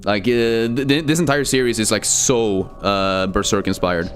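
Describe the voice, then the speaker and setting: A man's voice: lowish voice, normal speed, faint music behind. A young man streaming a game, chatting casually, joking and swearing while he reads chat aloud.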